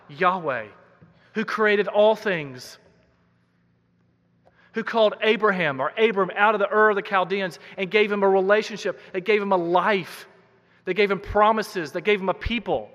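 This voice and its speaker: Pastor, male, high bright voice, emphatic sermon delivery, church hall reverb. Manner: earnest, emphatic preaching with repeated words.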